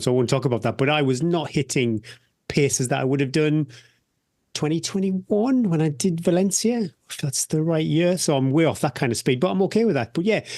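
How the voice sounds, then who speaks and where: A man's voice: fairly high pitch, a little mellow, no echo, clean studio sound. A man hosting a podcast in casual chat, plain-spoken and reflective, often repeating words as he searches for them. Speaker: podcast host.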